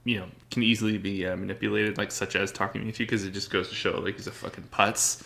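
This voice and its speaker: A man's voice: lowish voice, level tone, fast talker, vocal fry, pushed and bright, a little hiss or hum. A young man co-hosting a casual podcast chat, rambling with lots of filler words and frequent laughter. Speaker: podcast co-host.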